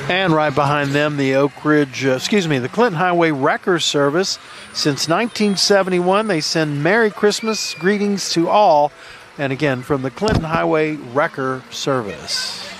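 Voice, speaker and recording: An easygoing man with a fairly high voice calls a night parade live. He reads sponsor ads in a folksy way, with small stumbles and laughs. Faint vehicle noise sits behind him. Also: moderate pace. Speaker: parade commentator. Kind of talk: live event commentary, reading sponsor blurbs. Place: outdoors at a street parade at night.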